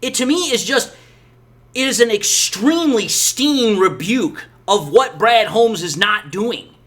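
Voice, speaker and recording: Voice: medium pitch, animated, a little slow, fairly bright tone. A sports channel host giving emphatic, exasperated opinion commentary on football. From Detroit area, USA.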